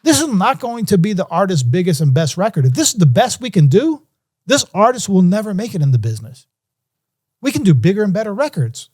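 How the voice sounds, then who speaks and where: A man's voice: high voice, darkish tone. A middle-aged man and music producer telling a story in an interview, acting out phone calls in different voices.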